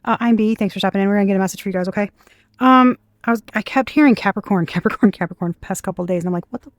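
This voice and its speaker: A woman's voice: medium pitch, very fast, no room sound, studio quality. A woman doing a casual tarot reading to camera, blunt and scornful, swearing freely. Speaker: tarot reader.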